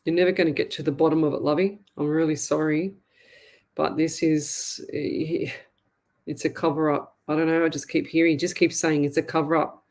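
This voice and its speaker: An Australian woman hosting a live psychic reading, speaking in a sympathetic, halting way and repeating herself often. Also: sits low, flat delivery, darkish tone. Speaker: psychic medium host.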